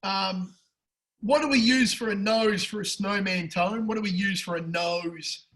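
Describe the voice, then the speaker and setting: An Australian man co-hosting a casual betting tips chat, loud, crude and excitable, swearing a lot. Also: high voice, measured pace, rough recording. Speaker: podcast co-host.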